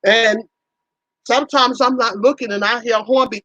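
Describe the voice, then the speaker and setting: A woman's voice: fairly high pitch, fairly even intonation, fairly quick, pushed and bright, no echo, low-quality recording. A woman hosting a casual livestream, chatting in a folksy way with her viewers and acting out little conversations. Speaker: livestream host.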